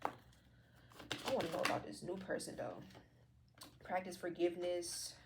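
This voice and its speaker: A woman's voice: lowish voice, measured pace, noisy background. A woman giving a casual tarot reading to her viewers, talking in a slangy, profane and playful way. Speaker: tarot card reader.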